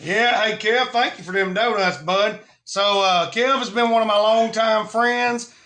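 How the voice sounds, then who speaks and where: A man's voice: sits high, steady tone, measured pace, bright, forceful tone. A man hosting a live stream in casual, rambling chat, with many fillers and restarts.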